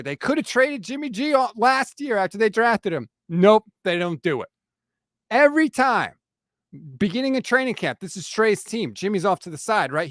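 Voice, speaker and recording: A man hosts a sports podcast rant, his voice hoarse from screaming. He sounds stunned and exasperated and keeps repeating his questions. The recording is dry and close. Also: sits high, a bit bright, dry recording. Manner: incredulous, exasperated, repeats himself. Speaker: podcast host.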